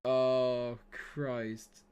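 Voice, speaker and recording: A man's voice: medium pitch, little pitch movement, drawn-out words, a little mellow, smooth, dull audio. A man commenting casually on his live game stream, chatty and swearing freely as he talks to his chat.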